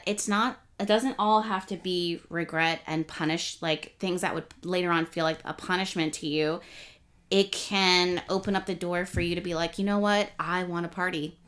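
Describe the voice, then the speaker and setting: A young woman hosting an astrology channel, talking casually and rambling a little as she explains the week's transits. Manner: chatty, rambling, self-correcting; speeds up and rises in pitch when excited. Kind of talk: casual astrology talk to camera.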